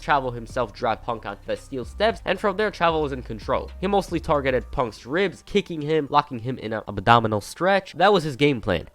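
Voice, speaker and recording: A man's voice: mid-range voice, a bit bright. A man narrating a wrestling recap, giving plain play-by-play with casual offhand asides.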